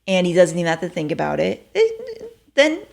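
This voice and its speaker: A woman's voice: on the low side, huge pitch swings, normal speed, creaky, darkish tone. A woman from Texas hosting a show, talking in a chatty, self-deprecating way full of fillers. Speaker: show host. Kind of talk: casual commentary.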